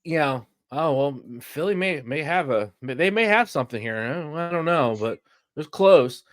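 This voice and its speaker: A man's voice: a little high, animated, normal speed, no room sound, studio quality. A man, co-hosting a podcast and ranting heatedly about sports with plenty of profanity. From Philadelphia. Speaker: podcast co-host. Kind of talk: casual sports chat.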